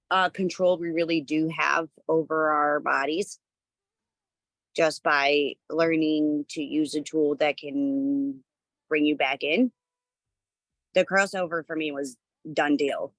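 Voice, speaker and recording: A woman's voice: sits low, slow pace, long pauses, fairly bright tone, no echo. A woman taking part in a video call and sharing her thoughts, speaking thoughtfully with fillers. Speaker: participant. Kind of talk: sharing a reflection.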